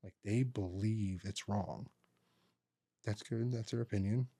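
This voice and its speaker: A man with a fairly low voice co-hosts a podcast from a studio. He chats casually and rambles through family stories, acting out his relatives' lines along the way. The sound is dry and close, with no room echo. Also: steady tone, unhurried, warm tone. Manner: rambling storyteller who acts out relatives' lines. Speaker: podcast co-host. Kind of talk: casual chat.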